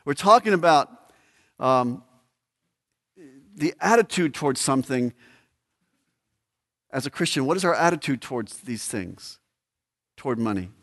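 A man preaching a sermon as pastor, emphatic, swinging between loud declarations and hushed asides. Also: medium pitch, expressive, a little slow, pauses often, big-room sound.

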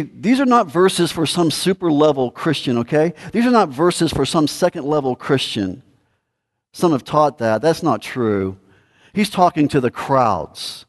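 A man's voice: fairly high pitch, long reverb tail. A man preaching a sermon as pastor, emphatic, rising and dropping in volume.

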